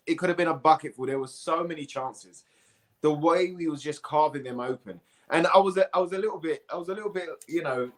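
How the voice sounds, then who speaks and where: A man, a guest on a football podcast, talking excitedly and repeating himself over a video call. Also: a little high. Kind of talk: casual football chat.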